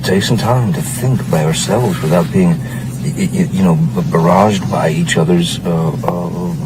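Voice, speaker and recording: Deep voiced guy, stop-start and firm, loud noisy recording. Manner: halting, repeats himself, firm. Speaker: partner in a private argument. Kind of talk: tense private conversation.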